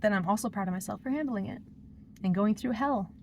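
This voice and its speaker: A woman's voice: mid-range voice, fairly quick, darkish tone, slight background noise. A woman talking through her personal struggles in a confessional vlog, rambling and emotional as she vents. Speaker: vlogger.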